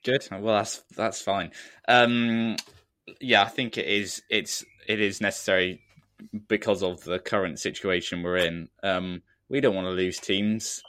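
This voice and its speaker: Guy on a podcast, lowish voice, dry close sound, rambly and laughing at himself. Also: steady tone, a little slow, a bit bright, smooth, no echo. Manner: rambling, self-deprecating, laughs often. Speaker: podcast co-host. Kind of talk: casual chat.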